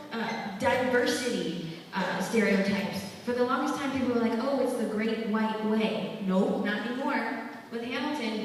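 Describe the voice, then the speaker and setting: A young woman giving a motivational talk to students at a school, telling her story in a lively, chatty way with asides to the crowd. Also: mid-range voice, slight background noise. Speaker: guest speaker at a school. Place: school hall. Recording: echoey hall from far off.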